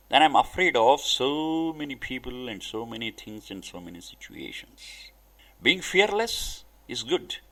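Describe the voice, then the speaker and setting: A man giving a spiritual discourse, speaking deliberately in short emphatic phrases. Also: medium pitch, a bit bright. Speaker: spiritual teacher.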